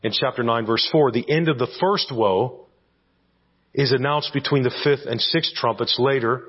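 A man's voice: mid-range voice, moderate pace, breathy edge, dull audio. A man preaching an expository sermon as pastor, teaching verse by verse and checking in with his listeners with rhetorical questions.

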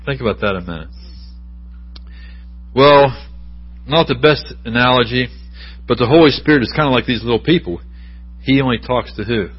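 Middle-aged male preacher, husky, conversational sermon delivery, muffled church recording. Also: medium pitch, moderate pace, pauses often. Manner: conversational preaching with asides and questions to the congregation. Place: church sanctuary.

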